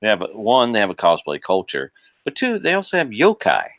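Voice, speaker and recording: A man with a very low voice, talking in a casual podcast chat. He is animated, laughs often and restarts his sentences. The sound is dry and close. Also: fairly quick, dry recording. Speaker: podcast guest.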